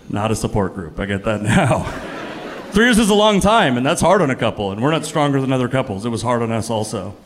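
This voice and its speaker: A man in his thirties performing a stand-up comedy set on a club stage, with a punchy, animated delivery that jumps up on the punchlines. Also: mid-range voice, a little hiss or hum. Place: comedy club stage before a laughing audience.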